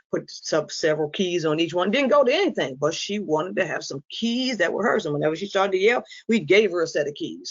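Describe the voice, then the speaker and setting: Animated woman speaker, muffled recording. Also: low voice. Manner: lively storyteller who acts out quoted lines; frank and humorous. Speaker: inspirational speaker on dementia caregiving. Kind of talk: presentation to a support audience.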